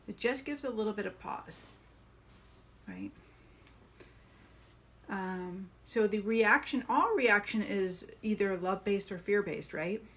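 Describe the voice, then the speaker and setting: A woman's voice: medium pitch, a bit bright. A woman hosting a live coaching stream, talking earnestly and encouragingly, asking her viewers questions.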